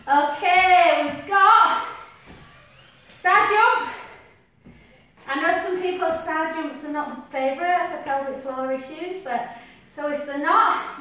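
A woman's voice: sits high, sharp tone. A woman leading a workout class, upbeat, counting out reps and whooping. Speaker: fitness instructor. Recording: echoey distant room with noise.

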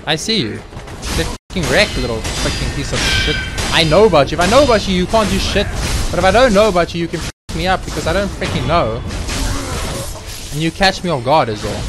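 High-voiced young gamer swearing through gameplay. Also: male voice. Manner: swears heavily and rants at the game. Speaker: let's play gamer. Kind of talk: gameplay commentary. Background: game music.

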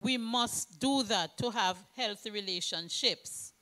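Slow, bright-voiced woman preaching. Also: mid-range voice. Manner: slow, emphatic preaching with scripture readings. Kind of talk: sermon.

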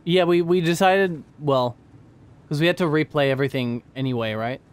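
A man's voice: on the high side, moderate pace, clean tone. A man co-hosting a gaming video, casually teasing and arguing with his friend. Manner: teasing, deadpan arguing, does mock voices. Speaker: co-host playing a game.

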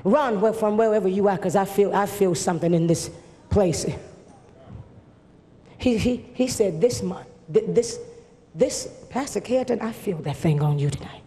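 A woman's voice: mid-range voice, normal speed, mellow. A woman preacher delivering a fervent sermon in a repetitive preaching cadence at a live camp meeting in a large church. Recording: reverberant church hall with faint noise.

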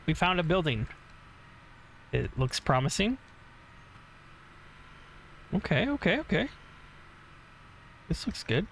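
Gravelly man rambling over gameplay. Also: a little high, big pitch swings, slow pace, long pauses, fairly bright tone, a little hiss or hum. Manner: rambling, swears freely, hums to himself. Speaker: gaming channel host. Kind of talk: casual let's-play commentary. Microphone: desk mic separate from headset.

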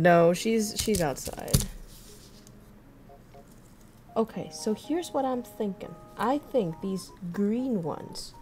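Young woman streamer rambling to chat, slow and easy, bit of music underneath. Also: mid-range voice. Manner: chatty, thinks aloud, talks to chat. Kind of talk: casual livestream chat while crafting.

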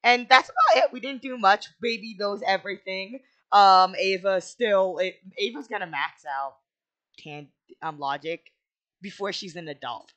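Excitable let's play host with a bright, sharp tone. Casual commentary with goofy exclamations and sudden squeals. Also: medium pitch, normal speed, lo-fi sound. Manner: excitable, bursts into squealing shouts.

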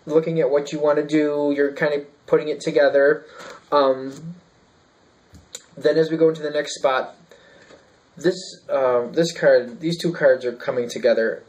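A man's voice: a little high, a little mellow, muffled recording. A man giving a casual tarot reading, thinking aloud and rambling with fillers and restarts. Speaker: tarot reader.

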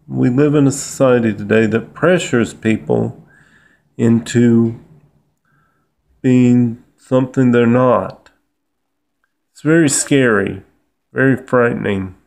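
A middle-aged man talking to camera in a halting, earnest monologue, often repeating words and restarting his sentences. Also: medium pitch, vocal fry, darkish tone. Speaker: vlogger. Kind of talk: rambling personal monologue.

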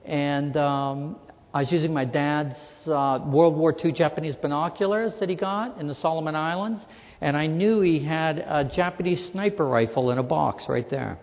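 A man's voice: fairly high pitch, moderate pace. A man from Western Pennsylvania giving a lecture as an author, telling humorous anecdotes and acting out the people in them. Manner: anecdotal, acts out quoted people in his stories. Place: lecture hall. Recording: reverberant hall, dull lo-fi sound.

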